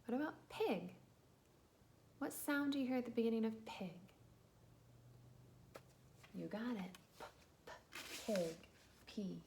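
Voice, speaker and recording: A woman teacher giving a slow, patient phonics lesson to young children, sounding out letters and cheering them on. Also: a little high, animated, gravelly, a little mellow, slight background noise.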